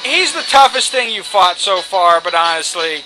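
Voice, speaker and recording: Dude doing a let's play, high pitched, joking and cocky, swears a lot, game music playing. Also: male voice, lively intonation, normal speed, poor audio. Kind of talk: casual gameplay commentary.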